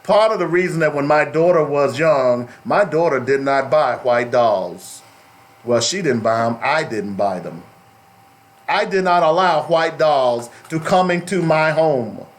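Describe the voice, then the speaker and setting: A man's voice: on the high side, expressive, measured pace. A middle-aged man hosting a talk radio show, speaking in an emphatic, preachy way and repeating phrases for stress.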